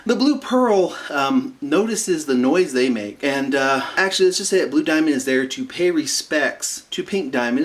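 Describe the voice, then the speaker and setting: A man casually recapping a cartoon episode, rambling with asides and fillers and slipping into quick impressions of the characters. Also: fairly high pitch, expressive. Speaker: episode reviewer.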